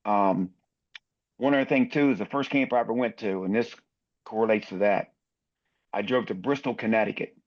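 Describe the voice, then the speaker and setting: A man's voice: lowish voice, moderate pace, long pauses. Lo-fi storytelling older man. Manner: lively anecdotal storyteller, acts out other people's lines. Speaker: basketball referee guest. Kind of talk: storytelling in a podcast interview.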